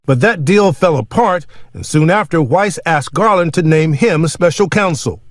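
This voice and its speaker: A man delivering a formal broadcast news report as a correspondent, in a measured newsreader manner. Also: on the high side, animated, no room sound.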